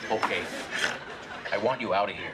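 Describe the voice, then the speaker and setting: An actor playing a smug, sneering middle-aged boss who taunts an employee in a sitcom. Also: male voice, on the low side, moderate pace, crowd noise, lightly acted. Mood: mocking. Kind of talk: sitcom acting. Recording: sitcom audio with background noise.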